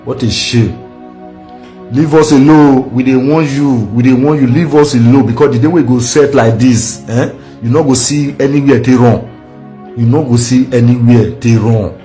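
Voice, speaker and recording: A man's voice: mid-range voice, normal speed, mellow, faint music behind. A man speaking Nigerian Pidgin, making a defiant political protest speech with repeated warnings.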